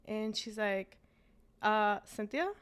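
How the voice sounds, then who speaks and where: A woman's voice: medium pitch, slow pace, clear, resonant tone. A woman, a business owner telling her story as an interview guest and switching between English and Spanish.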